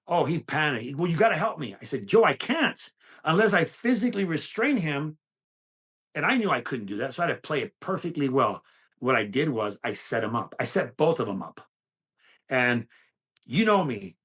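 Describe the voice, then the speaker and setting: A man's voice: a little high, a bit bright, husky. An older man, a guest in an interview, telling intense stories from his past and acting out the voices of the people in them. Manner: intense, dramatic storyteller who acts out other voices. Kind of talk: storytelling in a conversational interview.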